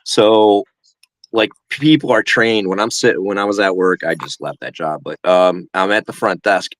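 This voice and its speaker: A man's voice: deep voice, moderate pace, a bit bright, no echo. A man chatting casually on a live stream, rambling and laughing often. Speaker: guest co-host.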